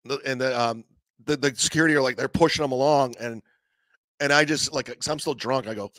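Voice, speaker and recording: A man hosting a comedy podcast, telling a profane, animated story in a casual way and acting out the voices of others. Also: medium pitch, a little fast, no room sound.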